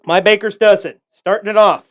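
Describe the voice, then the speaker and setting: A podcast host with a voice that sits high talks fairly quickly, telling animated, rambling stories loaded with profanity. It's casual chat that wanders off on tangents.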